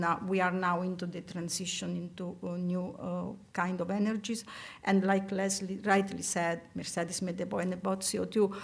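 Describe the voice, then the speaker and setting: A woman's voice: lowish voice, vocal fry. An older woman from Italy with an Italian accent, speaking as a professor on a panel, self-deprecating and full of fillers and restarts. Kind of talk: panel talk.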